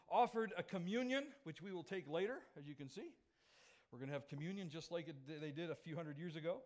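A man preaching to his congregation, his voice sitting a little high for a man. He jokes with the room and keeps bursting into loud, stressed phrases before he drops back to an easy chatty tone. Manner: lively and joking, with sudden loud emphatic phrases. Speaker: pastor. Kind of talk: sermon.

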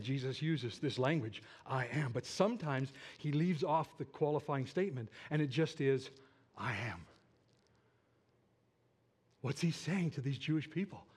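A middle-aged man delivers a sermon in a fairly high voice. He moves between quiet, drawn-out phrases and loud, emphatic ones, and often turns to his listeners with questions. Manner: animated, swings from hushed to emphatic, asks the audience questions. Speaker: pastor.

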